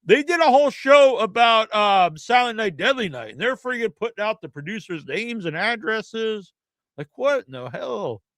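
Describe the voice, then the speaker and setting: High, bright-voiced man ranting. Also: sing-song, moderate pace, no echo. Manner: profane, rambling, worked-up. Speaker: podcast host. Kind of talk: casual rant.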